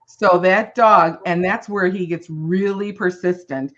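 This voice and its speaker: A woman's voice: fairly low pitch, a little slow, dull audio. A woman chatting casually while crafting, rambling through family stories with giggles.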